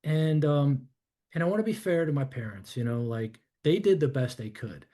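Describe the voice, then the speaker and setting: Warm in tone and fairly high-pitched, this fifties-aged man from New York talks at normal speed with lively intonation. He candidly walks a podcast host through his life in a rambling, reflective manner, saying "you know" and "I'm like" a lot.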